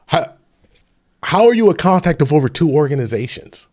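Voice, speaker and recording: A man's voice: fairly high pitch, big pitch swings, normal speed. Heated, ranting male livestream host. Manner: heated, preachy rants with frequent restarts; drops to soft, pleading tone addressing chat. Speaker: channel host. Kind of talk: livestream commentary.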